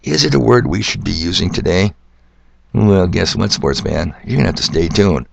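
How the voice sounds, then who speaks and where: A man's voice: sits low, expressive, moderate pace, vocal fry, a little hiss or hum. An older man hosting a solo podcast monologue, rambling and sardonic, asking rhetorical questions and spelling words out letter by letter. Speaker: podcast host.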